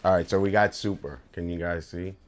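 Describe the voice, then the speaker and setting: A man's voice: low voice, fairly even intonation, fairly quick. A young man chatting casually while he draws, telling a rambling story full of fillers and swearing. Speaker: streamer and artist. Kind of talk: casual chat while drawing. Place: home room.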